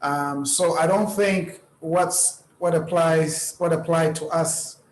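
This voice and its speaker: Calm guest guy on a zoom call, kinda higher voice, roomy echo. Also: slow. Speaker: guest scholar. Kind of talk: casual talk on a video call. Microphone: video call. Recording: echoey room.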